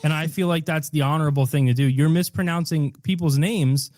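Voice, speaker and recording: A man's voice: fairly high pitch, fairly quick, darkish tone, no room sound, studio quality. A man hosting a casual podcast chat, joking around and playfully mispronouncing names, with lots of fillers. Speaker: podcast host.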